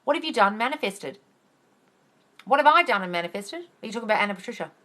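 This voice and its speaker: In a fairly high, expressive voice that's bright and forceful, a manifesting coach talks fast while hosting a casual Q&A live stream on her phone. She rants with heat and emphasis, speaking bluntly, swearing freely, and calling viewers darling.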